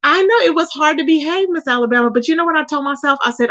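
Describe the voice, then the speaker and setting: A YouTube live host chats animatedly with her viewers, reading their comments aloud and tossing in words like "child" and "y'all." Her voice is high and she talks fast. The recording is muffled, with no room sound.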